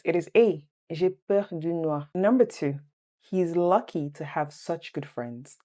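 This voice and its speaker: A woman teaching French phrases in an online lesson, repeating each phrase slowly and adding chatty asides. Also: on the low side, mellow.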